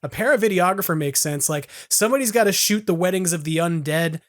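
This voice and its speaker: A man's voice: high-pitched, quick pace, a bit bright. A man hosting a casual podcast chat, playful and joking, riffing on ideas with lots of "like" and "right". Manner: playful, joking, riffs on ideas with many fillers. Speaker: podcast host.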